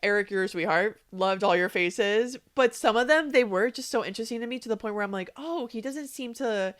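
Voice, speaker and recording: A woman co-hosting a podcast, chatting casually in an animated way, laughing and acting out quotes. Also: mid-range voice, fast. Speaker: podcast co-host. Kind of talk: casual recap chat.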